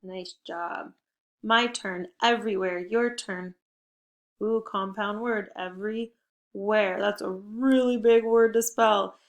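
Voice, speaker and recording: A woman's voice: mid-range voice, fairly even intonation. Upbeat woman teaching kids to spell. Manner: slow, deliberate word-by-word modeling; upbeat, encouraging. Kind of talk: remote spelling lesson for young children.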